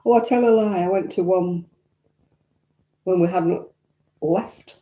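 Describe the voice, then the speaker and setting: Slow-paced and warm, with a voice on the low side, an older vlog host from Northern England chats casually indoors at home. She answers viewer comments, reminiscing and adding blunt asides, in an echoey room.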